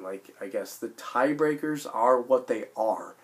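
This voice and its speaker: A man in his late twenties with a hoarse voice from illness, talking in a rambling, emphatic sports vlog full of restarts. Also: medium pitch, unhurried, fairly bright tone. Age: late 20s. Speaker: sports vlogger. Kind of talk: casual sports vlog monologue.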